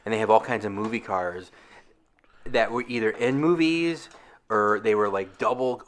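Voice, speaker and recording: A man's voice: fairly low pitch, moderate pace, slight background noise. A man in casual podcast chat, rambling through self-mocking stories and laughing often. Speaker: guest co-host.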